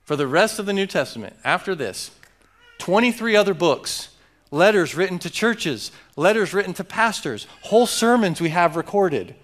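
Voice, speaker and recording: Emphatic joking male pastor, slightly high voice. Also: animated, normal speed, a bit bright. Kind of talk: sermon.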